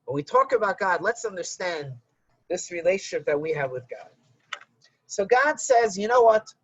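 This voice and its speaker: A rabbi giving a conversational religious lesson and telling a story to illustrate it. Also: male voice, high voice, lively intonation, normal speed, a bit bright, slightly rough, dry recording, highs cut off.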